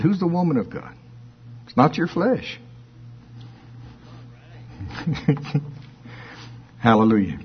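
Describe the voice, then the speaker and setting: A man's voice: on the high side, slow pace, long pauses, slightly rough, lo-fi sound. A middle-aged male preacher preaching a sermon, telling stories playfully and acting out voices. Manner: animated storytelling, playful, acts out voices.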